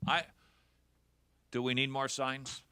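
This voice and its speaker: A man's voice: medium pitch, level tone, slow pace, background noise. A man hosting a radio talk show, delivering a sarcastic, jokey monologue. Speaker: host.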